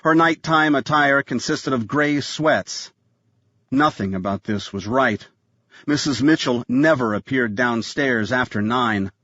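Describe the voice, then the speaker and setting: A man reading a thriller audiobook in a scripted narration style, tense and measured. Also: medium pitch, a bit bright, dry recording, dull audio.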